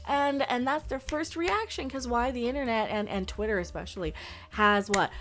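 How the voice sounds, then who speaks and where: A woman hosting her own channel, giving a blunt, sarcastic, rambling opinion rant broken up by laughs. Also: on the high side. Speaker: channel host.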